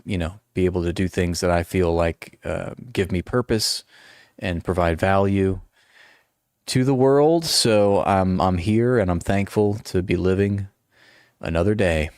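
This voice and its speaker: A man's voice: low-pitched, measured pace, a little mellow, no echo, clean studio sound. A man in his forties chatting casually on a livestream, rambling and self-deprecating with many restarts. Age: 40s. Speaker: livestream host. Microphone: noise-canceling headphones.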